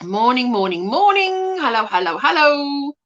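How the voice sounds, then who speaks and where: Bright, lively woman hosting a chat stream. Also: a little high, normal speed, muffled recording. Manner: chatty, greets viewers by name. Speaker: livestream host. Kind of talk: casual chat, reading viewer comments aloud.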